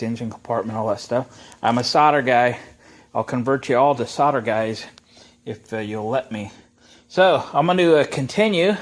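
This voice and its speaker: Chatty man in his shop. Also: mid-range voice. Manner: relaxed, chatty, opinionated, with many uh fillers. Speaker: shop owner and video host. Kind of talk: casual how-to vlog. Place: workshop.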